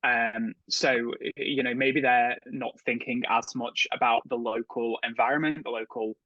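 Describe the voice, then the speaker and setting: A man's voice: mid-range voice, fairly even intonation, moderate pace, no room sound, muffled recording. A man with a Liverpool accent chatting casually as a panelist, hesitant with many restarts. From England. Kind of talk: casual discussion.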